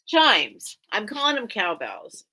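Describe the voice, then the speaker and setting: A woman's voice: medium pitch, wildly swooping pitch, slow, noisy background. A woman hosting a casual live-stream sale, chatting and thinking aloud as she greets viewers by name. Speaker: live online sale host.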